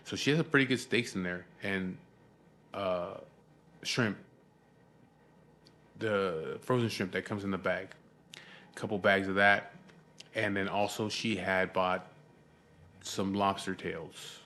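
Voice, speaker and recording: A man's voice: low voice, steady tone, takes it slowly, pauses often, pushed and bright. A middle-aged man, telling a profane, rambling story to camera in a casual vlog. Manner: profane, rambling, frequent "you know what I mean". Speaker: vlogger.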